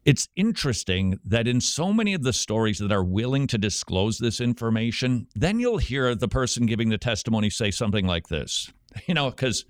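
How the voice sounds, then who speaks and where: A man hosting a radio show, answering listener questions in a lively, chatty way. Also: mid-range voice, no room sound, studio quality.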